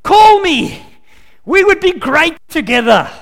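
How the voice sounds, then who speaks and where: A man's voice: very high voice, very animated, takes it slowly, a bit bright, voice pushed up, full character voice. Brazen flirt, as a preacher puts her on. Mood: suggestive.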